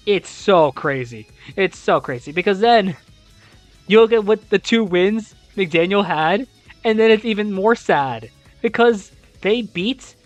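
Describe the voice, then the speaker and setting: A young adult host, recorded dry and at a medium pitch, recaps a college esports league, reading out scores and ranting in exasperated disbelief with casual swearing.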